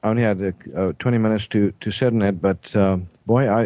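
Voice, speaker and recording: A South African man hosting a studio talk show, hesitant, with frequent throat clearing and fillers. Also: lowish voice, fairly even intonation, fairly quick, dark tone, dry recording. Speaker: host. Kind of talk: casual radio talk show.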